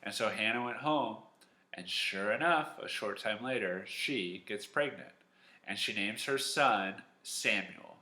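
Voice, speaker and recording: Animated man telling a Bible story. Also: lowish voice, measured pace. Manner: lively, animated storytelling with acted-out lines. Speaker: Sunday school teacher. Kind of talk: storytelling Bible lesson for kids. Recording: echoey room.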